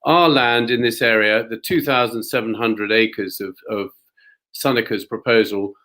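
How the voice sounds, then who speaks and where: A man's voice: medium pitch, fairly even intonation, normal speed, bright, forceful tone. A man, a local farmer, giving a polite and explanatory prepared talk at a community event.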